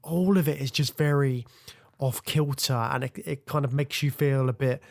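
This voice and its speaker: Casual podcast co-host, male, gravelly edge, loose rambling delivery. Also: medium pitch, fairly even intonation, moderate pace, a little mellow. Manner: rambling, hedging with fillers. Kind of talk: casual film discussion.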